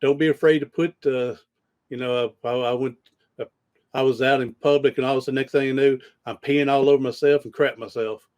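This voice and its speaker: A man's voice: medium pitch, steady tone, a little fast, a little mellow. Rambling, easygoing storyteller man. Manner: rambling storyteller, frequent restarts. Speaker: podcast host. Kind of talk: casual conversation.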